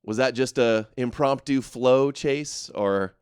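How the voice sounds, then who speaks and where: A man's voice: mid-range voice, darkish tone, clean tone, no echo, clean studio sound. A man hosting a live commentary show, reacting to clips in a mocking, sarcastic way. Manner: mocking, sarcastic, quick asides. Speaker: show host.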